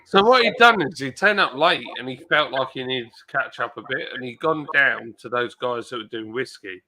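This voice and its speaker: A man co-hosting a casual pub chat, talking in an animated, jokey way. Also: medium pitch, moderate pace. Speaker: co-host.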